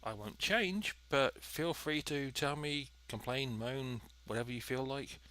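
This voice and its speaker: A man's voice: mid-range voice, unhurried, a bit bright. A man giving chatty, dry, methodical commentary while playing a cooking game. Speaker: let's play host. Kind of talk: gameplay commentary.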